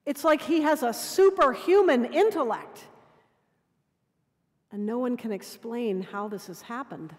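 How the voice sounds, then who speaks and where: A woman dean preaching a sermon in measured storytelling, sometimes dropping to quiet intimacy. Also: on the high side, lively intonation. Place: cathedral. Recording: long cathedral reverb.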